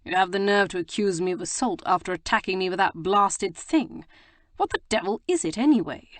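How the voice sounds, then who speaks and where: A woman's voice: medium pitch, animated, brisk, no room sound, natural voice. A woman voicing a roguish young Regency lord who teases in a drawling, mock-innocent way. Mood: aggrieved.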